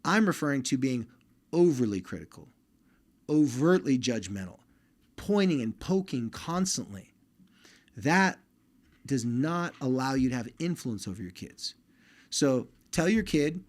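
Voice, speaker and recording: A man in the middle range of pitch talks to fathers in an easy, conversational way. He speaks to listening dads directly, as a podcast host handing out plain advice. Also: very animated, a little slow, long pauses. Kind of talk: casual advice talk.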